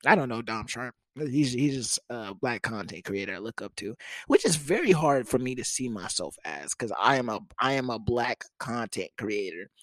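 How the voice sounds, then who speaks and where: A man's voice: mid-range voice, animated, moderate pace, no echo. A young man hosting a casual solo podcast, joking crudely and laughing often, close to the mic. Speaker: podcast host. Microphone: close studio mic.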